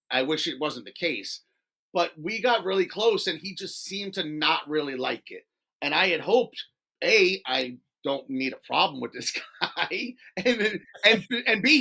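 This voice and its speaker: Animated gravelly man telling wild stories. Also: high voice. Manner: animated, swears, laughs mid-story, acts out quotes. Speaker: podcast guest. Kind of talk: casual storytelling interview.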